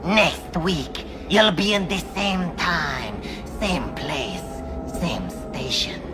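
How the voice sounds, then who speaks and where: A man's voice: fairly high pitch, expressive, extremely slow. An actor playing a cackling undead male ghoul who hosts horror tales, with gleeful, punning, theatrical delivery. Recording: played clip with music behind.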